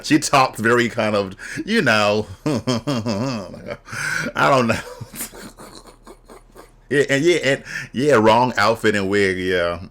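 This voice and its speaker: A man hosting a casual drag reaction video speaks slowly in a fairly low, fairly bright voice. He's candid and blunt, cracking bawdy jokes and laughing often.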